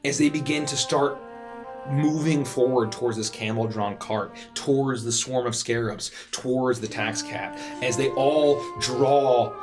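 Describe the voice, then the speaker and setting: Guy running a d&d game, slow talker, music in background. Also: mid-range voice. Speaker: game master. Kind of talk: narrating a tabletop game.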